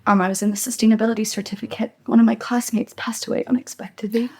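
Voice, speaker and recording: A woman's voice: a little high, steady tone, fast, husky. A woman in her twenties being interviewed, talking in a chatty, emotional way about her college years. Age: 20s. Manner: chatty, emotional, soft-spoken at times. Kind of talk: casual chat.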